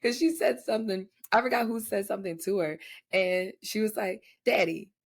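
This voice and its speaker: A woman co-hosting a podcast, telling excitable stories in a chatty, slangy way. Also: mid-range voice, a little fast. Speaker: podcast co-host. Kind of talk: casual chat.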